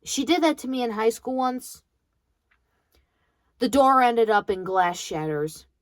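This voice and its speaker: A woman's voice: a little high, animated, unhurried, no room sound. A young woman in college venting bluntly about her grandmother, swearing freely in a bitter monologue. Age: young adult. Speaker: vlogger.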